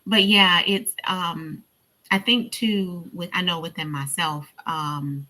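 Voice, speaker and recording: A woman's voice: fairly low pitch, fairly even intonation, slow, sharp tone. A woman hosting a live online talk, reflecting casually with many fillers and restarts. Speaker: host.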